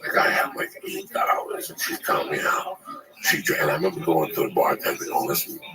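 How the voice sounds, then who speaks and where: A male comedian telling crude, animated stories in casual chat, acting out the people in them. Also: very deep voice, a little fast, crowd noise, low-quality recording.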